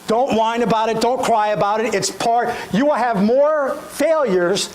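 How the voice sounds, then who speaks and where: A man's voice: very high-pitched, unhurried, rough recording. A middle-aged man, giving a storytelling motivational keynote and speaking straight to the audience. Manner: animated, addresses audience directly.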